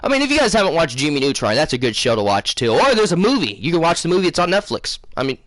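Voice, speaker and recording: A man with a slightly high voice tells his live viewers a rambling dream story. He loses his thread often and fills the gaps with ums and uhs. The sound is close and dry, with no room echo. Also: big pitch swings, quick pace, fairly bright tone. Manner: rambling, loses his place, many fillers. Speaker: gaming channel host.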